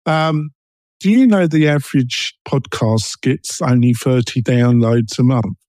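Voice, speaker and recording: A podcast host with an East London and Essex accent talks in a casual, rambling way, peppering his speech with ums and restarts. His voice is mellow and warm, and the recording sounds close and dry. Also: mid-range voice, a little slow, no room sound. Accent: East London and Essex English. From England. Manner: chatty, many ums and self-interruptions.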